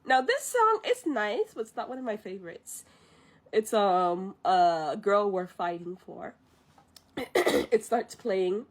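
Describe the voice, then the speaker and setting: A woman streamer reciting a film from memory, animated, laughing, pausing to recall. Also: mid-range voice. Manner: animated, laughing, stops to remember.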